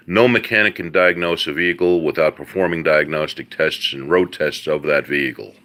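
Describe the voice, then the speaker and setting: A man's voice: extremely low pitch, moderate pace, fairly bright tone. A middle-aged man hosting a live car-advice stream, explaining mechanics in a folksy way, full of "all right" and "uh" and calling viewers folks and buddy. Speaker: host answering viewers' car questions.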